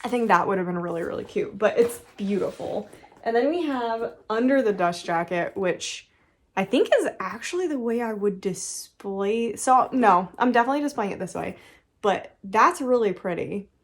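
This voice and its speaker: Gushing young woman unboxing books. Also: mid-range voice. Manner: gushing, excitable, quick laughs. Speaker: book vlogger. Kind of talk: casual unboxing chat.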